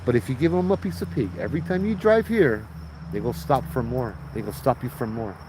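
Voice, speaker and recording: A man with a Hawaiian Pidgin accent voicing a blunt, calm, sure-of-himself old Hawaiian uncle. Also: medium pitch, brisk, background noise, close to an everyday voice. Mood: matter-of-fact.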